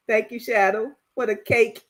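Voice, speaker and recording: A woman's voice: on the high side, low-quality recording. A woman hosting a live stream over a video call, reading viewer comments aloud and laughing easily. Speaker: host.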